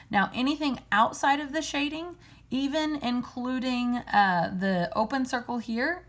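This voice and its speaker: A woman teaching a recorded math lesson, patiently explaining step by step and answering her own questions as she goes. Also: on the high side.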